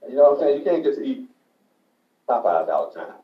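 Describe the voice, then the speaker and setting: A man's voice: mid-range voice, huge pitch swings, brisk, far from the mic. A man co-hosting a casual radio chat, easygoing and matter-of-fact. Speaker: radio co-host. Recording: dull, roomy, off-mic.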